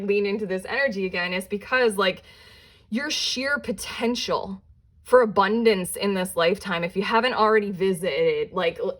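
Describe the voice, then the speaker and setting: A woman giving a casual pick-a-card tarot reading, talking in a loose, rambling way full of "like" fillers and restarts. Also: on the high side. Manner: chatty and rambling, with many "like" fillers and self-interruptions; breaks into quick giggles and playful put-on voices. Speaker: tarot reader.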